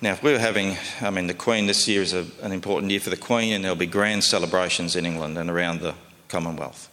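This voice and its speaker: A man's voice: low-pitched, steady tone, fast talker, pushed and bright, in a large hall. A man preaching a sermon in a conversational, folksy way, often asking his listeners questions.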